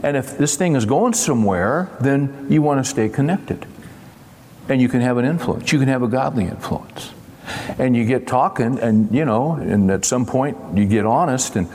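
A man's voice: medium pitch, expressive, normal speed, a little mellow. An older man preaching a sermon in a folksy, conversational way, acting out bits of dialogue. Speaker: pastor. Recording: long reverb of a large hall.

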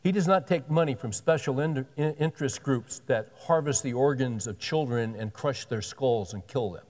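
A man in his sixties delivers a sermon in a relaxed, folksy way. He reads scripture with rising emphasis and drops in wry, joking asides. His voice carries a long reverb, as if he is filling a large hall. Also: medium pitch, normal speed. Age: 60s. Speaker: pastor.

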